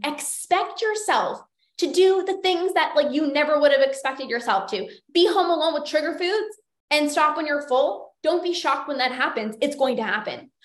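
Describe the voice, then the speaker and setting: A young woman hosting a solo podcast, chatty and encouraging, full of "like" fillers, as a binge eating coach. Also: high voice. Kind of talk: casual solo podcast talk. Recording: roomy echo.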